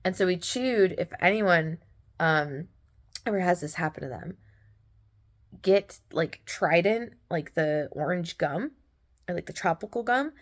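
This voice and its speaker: A woman's voice: on the low side, unhurried. A young woman telling a story in a casual, gushing way, laughing often as she talks. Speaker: podcast host.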